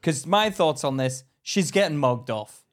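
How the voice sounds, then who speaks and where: A man's voice: fairly high pitch, lively intonation, a little slow. A man co-hosting a podcast in casual chat, blunt and mocking, swearing freely and acting out other people in quoted voices. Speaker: podcast co-host.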